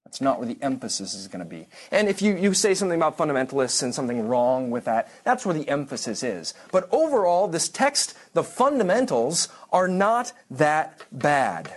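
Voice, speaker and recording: A man's voice: fairly high pitch, very animated, moderate pace, hardly any pauses. A man giving a church history lecture to a congregation class, conversational and digressive, with frequent restarts and dry asides.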